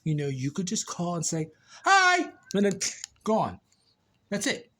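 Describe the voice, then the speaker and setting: A sleepy, goofy vlogger with a slightly high, darkish voice rambles playfully at an unhurried pace with lively intonation. He films outdoors in his freshly mowed yard on a phone held on a selfie stick, sing-song and laughing often.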